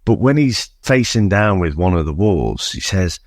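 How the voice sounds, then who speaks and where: A man with a St Helens accent carrying a Liverpool twang chats wryly about a film on a podcast, swearing freely. His pitch moves a lot through each line, and the recording is close and dry. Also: animated, normal speed, dry recording. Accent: St Helens, Liverpool-leaning. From St Helens, England. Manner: wry, sweary, laughs easily. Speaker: podcast co-host. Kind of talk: casual film review chat.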